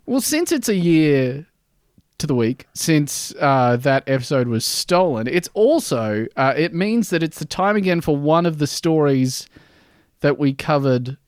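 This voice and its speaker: A man's voice: a little high, lively intonation, unhurried, clean tone, no echo, clean studio sound. A man hosting a podcast in casual, jokey chat with a wry manner. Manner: jokey, wry, slips into silly voices. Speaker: podcast host.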